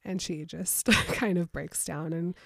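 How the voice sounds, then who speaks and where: A woman's voice: on the low side, takes it slowly, creaky, a bit bright, no room sound, studio quality. A woman co-hosting a casual podcast, retelling a book's scenes and acting out the quotes. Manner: storytelling, acts out quotes with little voices. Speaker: podcast co-host recapping a book.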